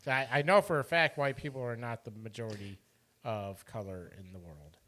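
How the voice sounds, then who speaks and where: A man's voice: mid-range voice, normal speed, sharp tone. A man from Iowa co-hosting a casual podcast, talking in loose rambling runs and laughing easily. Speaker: podcast co-host. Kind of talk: casual chat.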